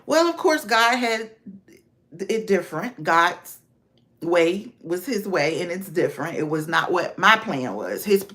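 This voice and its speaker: A woman's voice: lowish voice, expressive, measured pace, a bit bright. A woman vlogger chatting casually on a livestream, talking to viewers by name.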